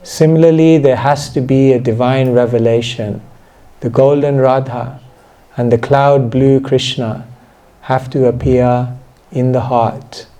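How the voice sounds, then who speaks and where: A man giving a devotional seminar talk, soft and reflective, reading a passage and then commenting on it. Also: mid-range voice, level tone, measured pace. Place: indoor seminar hall.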